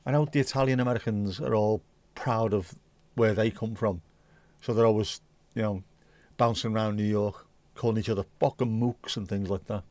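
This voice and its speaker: A man's voice: fairly low pitch, fairly even intonation, normal speed, a little mellow, no echo. An Irish man hosting a livestream, chatting casually and reading out viewer comments in a blunt, mocking way, with plenty of swearing. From Ireland. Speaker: livestream host.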